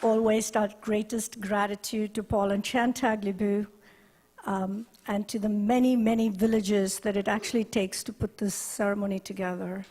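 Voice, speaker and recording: A woman's voice: medium pitch, level tone, warm tone, a faint crowd. Earnest woman speaking in a hall. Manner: measured, earnest delivery with deliberate pauses. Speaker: director of a university LGBTQ resource center. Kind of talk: ceremony speech. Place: ceremony hall.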